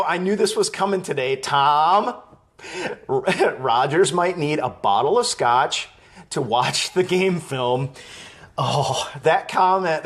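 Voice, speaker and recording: A man from Wisconsin hosting a live fan stream, chatting casually, reading viewer comments aloud and laughing easily. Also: a little high. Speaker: live show host.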